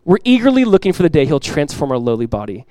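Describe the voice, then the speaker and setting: Quick and earnest, a middle-aged pastor presses his points in a church sanctuary sermon, repeating key lines with direct conviction and mimicking everyday voices with lively emphasis. The voice sits a bit high for a man, and the audio is close and dry, with little room echo.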